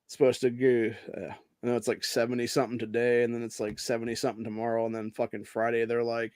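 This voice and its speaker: A man hosts his own show and rants at length, cursing at every turn and tossing in dude and bro as he rambles from one gripe to the next. His voice sits at a middle pitch. It is caught close and dry, with no room sound around it. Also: completely flat delivery, fast, hardly any pauses, a little mellow, no echo. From Ohio. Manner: swears constantly, rambling, says dude and bro. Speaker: podcast host. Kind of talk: profane rant and casual monologue.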